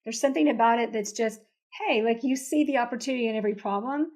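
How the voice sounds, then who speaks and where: A woman with a somewhat high voice, hosting a podcast. She speaks with enthusiasm and keeps affirming her guest throughout a relaxed conversation. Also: fast talker. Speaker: podcast host. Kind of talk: casual interview chat.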